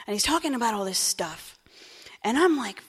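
A woman with a New Jersey accent candidly telling her recovery story, wry, moving between hushed and animated. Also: fairly high pitch, moderate pace, husky. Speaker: speaker sharing her story. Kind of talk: personal recovery talk. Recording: echoey hall.

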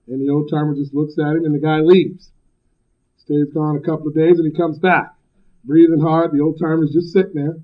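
Brief: blunt, emphatic man, slightly high voice, giving a recovery talk; loud, joking; dull lo-fi recording. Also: steady tone, brisk. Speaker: speaker at a recovery meeting.

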